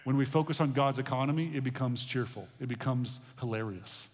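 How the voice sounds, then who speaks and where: A man's voice: medium pitch, brisk. A male pastor delivering a sermon in a conversational way, repeating himself and restarting phrases. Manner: conversational preaching with repetitions and restarts. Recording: long reverb of a large hall.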